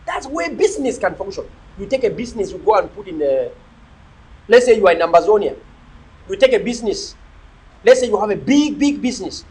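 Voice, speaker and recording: Emphatic man with a lively, swinging voice. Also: sits high, breathy edge, rough recording. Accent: Cameroonian English. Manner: emphatic, repeats words for emphasis. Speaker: motivational speaker answering viewer questions. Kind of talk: casual livestream talk to viewers. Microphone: phone camera he turns himself.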